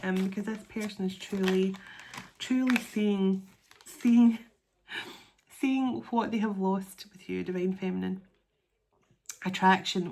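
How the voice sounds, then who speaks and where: A woman giving an intuitive tarot reading to her viewers, talking in a soft, earnest and openly emotional way, and stretching out words as she reads the cards. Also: mid-range voice. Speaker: tarot card reader.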